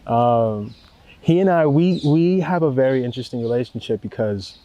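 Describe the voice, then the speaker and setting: Calm, laid-back man talking casually. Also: medium pitch, moderate pace, highs cut off. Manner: laid-back, rambling, swears freely; calm and warm-spoken. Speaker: record producer. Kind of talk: casual interview talk.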